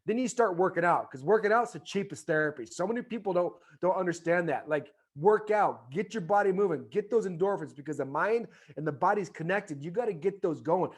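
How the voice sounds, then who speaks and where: A man in his forties from the United States, a former ballplayer telling his story as an interview guest in a rambling, filler-heavy way that turns into a fervent motivational pitch. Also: expressive, fairly quick, few pauses, breathy edge. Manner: rambling, many fillers and restarts. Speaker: podcast guest, former baseball player.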